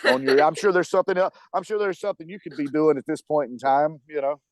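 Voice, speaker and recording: Southern guy musician rambling on in an interview, kinda high voice, laughs a lot. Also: quick pace. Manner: animated, rambling storyteller who laughs often. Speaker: touring band musician, guest. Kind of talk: casual interview chat.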